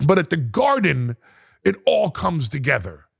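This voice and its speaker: A man's voice: on the high side, very animated, measured pace, creaky, slightly rough, no echo, studio quality. A middle-aged man, a podcast guest, telling a story dramatically, repeating words and restarting as he acts out what people said. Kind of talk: animated storytelling in an interview. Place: podcast studio.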